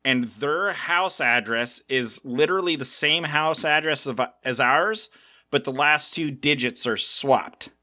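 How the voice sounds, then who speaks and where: This is a middle-aged man from South Africa co-hosting a relaxed podcast and spinning animated stories. His voice is bright and slightly high for a man, and it leaps around in pitch as he tells them. The sound is close and dry. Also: a little slow, no echo. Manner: animated storyteller, acts out quotes. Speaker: co-host. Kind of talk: casual podcast chat.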